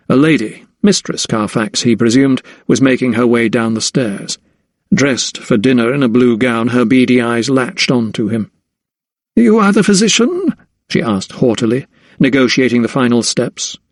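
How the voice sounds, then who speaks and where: A medium-pitched man reads scripted audiobook narration in a measured, storytelling way. The studio sound is clean, with no room sound at all.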